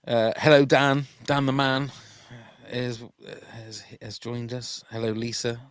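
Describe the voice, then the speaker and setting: A man's voice: mid-range voice, little pitch movement, slow, clean tone, no room sound. A man hosting a charity podcast livestream in casual, jokey chat, often tripping over his words. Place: home room during a livestream.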